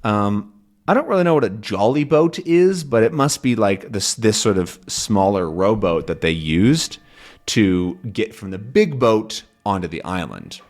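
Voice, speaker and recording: A man teaching English to learners, explaining a comic slowly and patiently, repeating and rephrasing, often checking "right?". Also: lowish voice, big pitch swings. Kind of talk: slow explanation for language learners.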